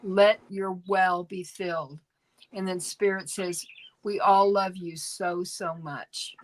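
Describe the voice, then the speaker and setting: A woman co-hosting a tarot reading stream, reading cards aloud in a gentle, unhurried way with fillers. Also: lowish voice, steady tone, low-quality recording. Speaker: tarot reader co-host.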